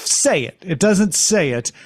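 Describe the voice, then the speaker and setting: A man's voice: high voice, animated, unhurried, husky. A man hosting a casual TV discussion podcast, talking animatedly with playful jumps in his voice. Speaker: podcast host. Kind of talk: casual chat.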